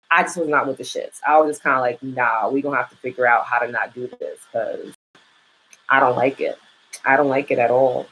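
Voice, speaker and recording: Young new york woman chatting live, loud swoops up and down, blunt and swears a lot. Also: poor audio. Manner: animated, frank and profane, big swoops up in pitch. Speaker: podcast host. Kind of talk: casual live-stream chat.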